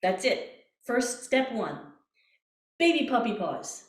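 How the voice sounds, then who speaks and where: A woman's voice: on the high side, very animated, slow, reverberant. A woman voice coach leading a workshop, guiding breathing exercises with playful images and encouragement. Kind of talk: online voice workshop.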